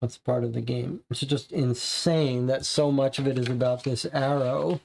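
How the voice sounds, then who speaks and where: Talking over clues in a cooperative mystery game, a man sounds baffled and annoyed in relaxed live-play conversation. He speaks at normal speed in a steady, darkish, mid-range voice with vocal fry.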